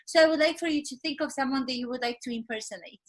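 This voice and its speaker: A woman's voice: sits high, fast talker. A woman with a Romanian accent, an acting coach hosting a podcast and directing an exercise energetically.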